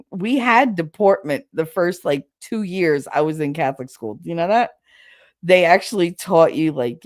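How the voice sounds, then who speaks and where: A woman's voice: deep voice, darkish tone, no room sound, studio quality. A woman vlogger telling stories about her family in a blunt, sarcastic, casual way. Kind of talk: casual storytelling.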